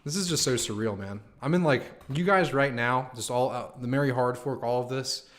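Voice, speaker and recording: A young man hosts a live stream, chatting casually with his viewers in an excited, slangy way. He swears and says "man" and "dude" a lot, speaking at a medium pitch and a fairly quick pace.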